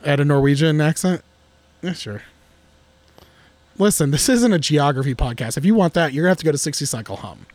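A man co-hosting a podcast in casual chat, joking and excitable, talking in restless bursts. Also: on the high side, fairly quick, pauses often, dry recording. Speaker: podcast co-host.

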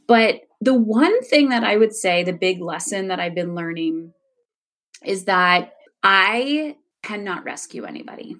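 A woman's voice: mid-range voice, animated, a little slow, fairly bright tone. A woman in her forties, a coach, speaking candidly and reflectively as an interview guest, laughing easily. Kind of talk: casual interview conversation.

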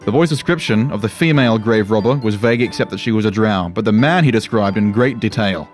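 A man narrating a fantasy story in a measured, dramatic way. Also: on the low side, soft background music.

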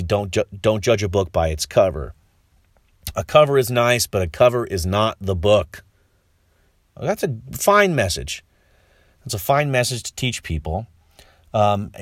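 A man's voice: medium pitch, no room sound, clean studio sound. A man giving a casual spoken film review, rambling with many restarts and a wry, skeptical tone.

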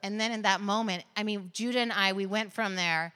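A woman's voice: mid-range voice, steady tone, a little fast, bright, forceful tone, smooth. A woman in her thirties preaching a sermon, telling personal stories in an earnest way with bursts of laughter. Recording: long reverb of a large hall.

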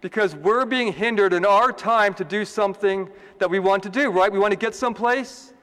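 A man's voice: high voice, normal speed, fairly bright tone, in a large hall. A man, a priest, giving a homily in a conversational, joking way and asking the congregation questions.

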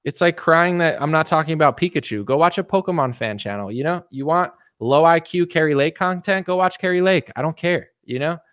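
A man's voice: fairly high pitch, brisk, hardly any pauses, a bit bright, smooth, no room sound, studio quality. A man streaming commentary, ranting scornfully at his audience and mocking them with put-on voices. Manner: scornful, mocking, puts on voices to ridicule viewers.

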